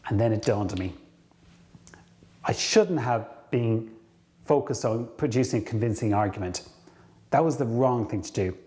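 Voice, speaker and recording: A man coaching viewers on career ideas, telling a story to camera, acting out bits of dialogue and slowing down to stress key points. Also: lowish voice. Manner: lively storyteller, acts out dialogue.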